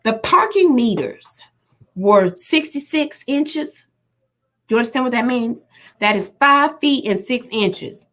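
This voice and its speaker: Hosting a casual livestream, a woman with a slightly high voice reads viewer comments aloud at a measured pace, animated and teasing, laughing often.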